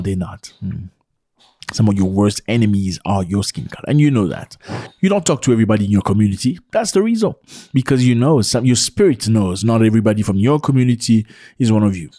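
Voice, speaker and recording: A man from Africa, hosting a casual opinion vlog outdoors and firing rhetorical questions at his viewers in an excitable way. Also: on the low side, a little fast, no room sound, studio quality. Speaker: vlogger host. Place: outdoors in cold weather.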